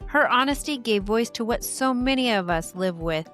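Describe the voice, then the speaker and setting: A woman's voice: a little high, animated, a bit bright, faint music behind. A woman in her thirties hosting a podcast, talking earnestly and with feeling about motherhood and illness. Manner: earnest and emotional, quick bursts. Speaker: podcast host. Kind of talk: conversational podcast talk.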